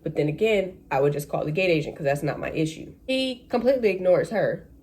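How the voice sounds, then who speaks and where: A woman's voice: fairly low pitch, fairly quick. A woman, a flight attendant, telling a story in a casual ranting vlog and acting out the people in it. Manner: animated, acts out voices of people in the story. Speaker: vlogger.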